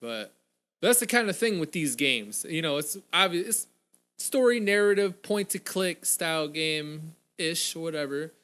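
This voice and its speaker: A man's voice: a little high, expressive, a little slow, a bit bright, clean tone. A man hosting a gaming channel, giving loose, casual let's-play commentary and saying "frickin'" a lot.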